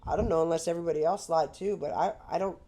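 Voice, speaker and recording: Blunt, candid woman with a low voice. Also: steady tone, racing, mellow. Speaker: podcast guest. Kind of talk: casual chat.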